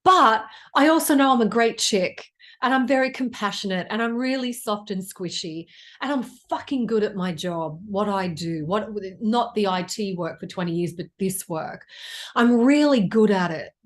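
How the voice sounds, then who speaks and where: A middle-aged woman from Australia talks through an oracle card reading in a loose, chatty monologue. She is blunt and swears freely, and her voice sits at an ordinary middle pitch. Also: lively intonation, normal speed. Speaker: astrologer and psychic reader.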